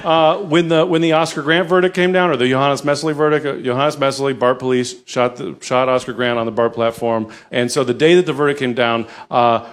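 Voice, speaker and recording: A male stand-up comedian telling a rambling story on stage, breaking into loud put-on voices. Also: medium pitch, fairly even intonation, brisk, few pauses, a little hiss or hum. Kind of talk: stand-up routine.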